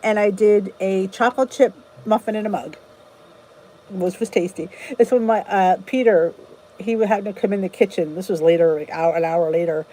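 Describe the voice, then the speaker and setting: On her channel's casual livestream, a woman with a warm, mid-range voice talks at normal speed, calling out viewers by name and replying to comments. Her rambling chat is full of restarts, and the audio is poor.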